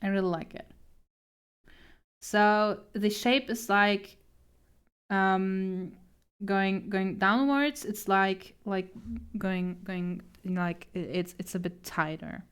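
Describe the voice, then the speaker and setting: Slow-talking flustered young woman streamer. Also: medium pitch, steady tone, a bit bright, smooth. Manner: laughs often, flustered and self-deprecating. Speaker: art streamer. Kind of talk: casual chat while drawing.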